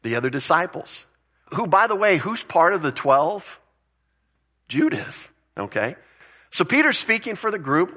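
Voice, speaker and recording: A man's voice: high-pitched, big pitch swings, unhurried, sharp tone. A male pastor giving a conversational sermon, explaining word meanings and asking rhetorical questions, with the odd chuckle.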